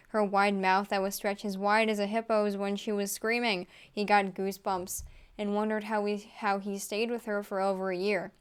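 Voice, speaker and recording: A woman reading fan fiction aloud for laughs, giggling and tossing in deadpan asides. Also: medium pitch, clean tone. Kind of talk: comedic read-aloud storytelling.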